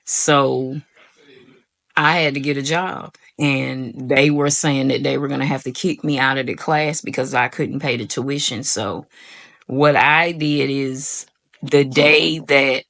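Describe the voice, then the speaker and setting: A woman's voice: a bass voice, slow pace. A young woman, telling her own story to viewers in a casual vlog and acting out what she said back then. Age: young adult. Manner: animated retelling, acts out her own quoted voice; addresses viewers as y'all. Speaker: vlogger.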